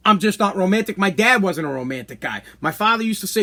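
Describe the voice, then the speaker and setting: A man's voice: high-pitched, animated, fast talker, bright, forceful tone. A man in his thirties hosting a podcast, ranting bluntly in a brash, rambling comedic way. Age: 30s. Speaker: podcast host. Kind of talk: casual comedic rant.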